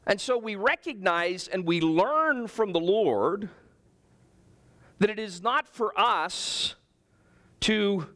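A man preaching a sermon as pastor, telling personal stories with humor in an animated way. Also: high voice, slow pace, long pauses. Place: church.

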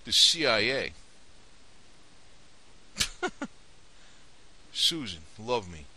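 A man rambles through an indignant, conspiratorial rant to his viewers. His voice sits low but swings widely in pitch, with a sharp, tense edge. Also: very animated, normal speed. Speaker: vlogger. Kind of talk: casual opinion rant to camera.

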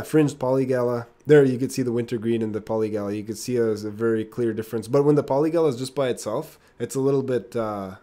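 A man teaching an online lesson on plants in a casual, halting way, with many fillers, restarts and laughs. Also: mid-range voice, dark tone. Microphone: computer mic.

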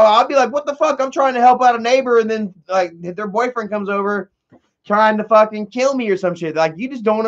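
Young guy ranting and cursing on his channel, fairly high voice, muffled lo-fi audio. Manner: rambling, heavy swearing, excitable. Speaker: commentary host. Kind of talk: casual profane commentary. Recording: dull lo-fi recording.

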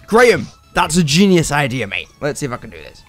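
Young man, casual gaming chat, raised voice, swearing, lively intonation. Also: on the high side, fairly quick, soft background music. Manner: exasperated, swearing banter. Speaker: streamer.

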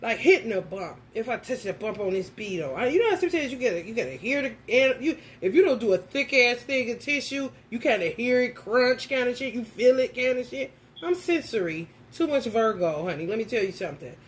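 Animated profane woman tarot vlogger. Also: on the high side, a little fast. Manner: animated, profane, laughs while telling stories. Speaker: tarot reader. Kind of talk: casual vlog storytelling.

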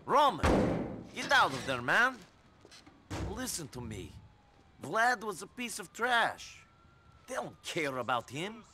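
A sardonic wisecracking hero. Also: male voice, sits high, big pitch swings, slow pace, pauses often, pushed and bright, a little hiss or hum, exaggerated voice. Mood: calm, teasing. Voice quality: sarcastic, wisecracking under pressure. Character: dry-witted sardonic male immigrant hero. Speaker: player character. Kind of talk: video game cutscene acting.

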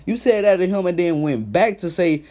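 A young man rants at the people in a live stream, mocking and laughing as he calls them out. He keeps his voice pitched higher than his natural deep register. The delivery is crude, loose and profane. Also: animated, moderate pace. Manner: mocking, laughing, loud call-outs; put-on higher voice instead of his deep one. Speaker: YouTube commentator. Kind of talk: profane trash-talk commentary.

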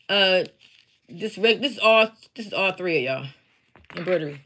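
Woman, friendly craft-seller host talking straight to camera, casual live chat, bright tone. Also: medium pitch, a little fast. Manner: chatty, talks straight to viewers. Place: home basement.

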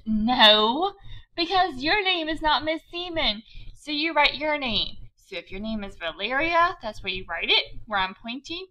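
A woman teacher giving a slow, patient writing lesson to young children, spelling words out letter by letter. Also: high voice, bright, forceful tone, low-quality recording.

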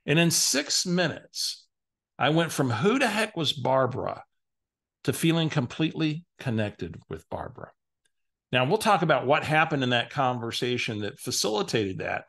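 A man from San Antonio, Texas, giving an energetic, conversational coaching lesson to real estate agents and telling stories along the way. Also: medium pitch, normal speed, vocal fry.

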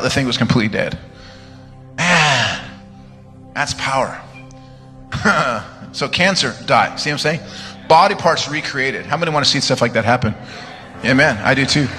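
A man preaching a live church sermon, telling stories with joking asides and sudden shouted commands. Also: a little high. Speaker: guest preacher. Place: church sanctuary. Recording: live church sermon, reverberant hall, music underneath.

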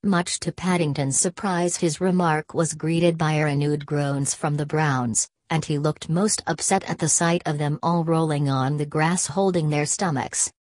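A woman narrating a children's storybook as an audiobook, measured and gently expressive. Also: low voice, no room sound.

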